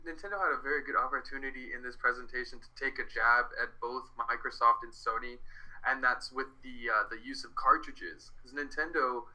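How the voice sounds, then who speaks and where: A man co-hosting a casual gaming chat, explaining his points in a steady way. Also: mid-range voice, poor audio. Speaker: co-host.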